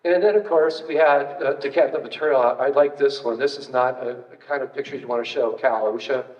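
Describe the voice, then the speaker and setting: An older man gives a relaxed, anecdotal lecture, chatting through his slides with fillers and dry asides. He sits at a distance from the mic in a large, reverberant room. The recording sounds dull and muffled. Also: medium pitch, brisk. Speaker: retired state parks archaeologist giving a talk. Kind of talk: casual public lecture with slides.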